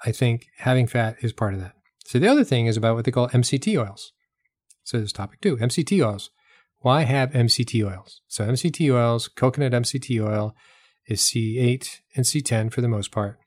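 A man's voice: medium pitch, lively intonation, moderate pace, no room sound. Emphatic man with a dry, close sound. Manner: emphatic, repeats points for effect, rhetorical questions. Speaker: health talk host selling products. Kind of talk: casual explanatory talk.

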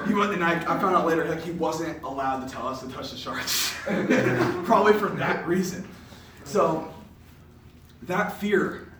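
Young man giving an echoey testimony talk. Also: a little high. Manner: animated storyteller, casual filler words. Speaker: podcast host giving a faith testimony. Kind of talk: personal testimony speech. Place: indoor room with an audience. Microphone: distant mic. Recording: echoey room, distant mic, faint noise.

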